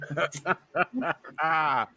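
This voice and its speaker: A man, a podcast co-host telling stories in a casual, animated way. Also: fairly high pitch, extremely slow, a little hiss or hum. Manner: animated storytelling with lots of laughing. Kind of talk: casual chat.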